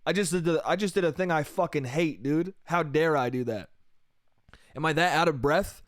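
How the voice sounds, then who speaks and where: A man's voice: on the high side, normal speed, no echo, clean studio sound. A young man hosting a solo comedy podcast, rambling and self-mocking, swearing freely and calling the listener dude and bro. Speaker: podcast host.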